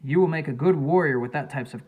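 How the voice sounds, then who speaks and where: A man's voice: fairly high pitch, fast talker, darkish tone, close to an everyday voice. Man reading a tall warrior, thick African accent, playful and teasing.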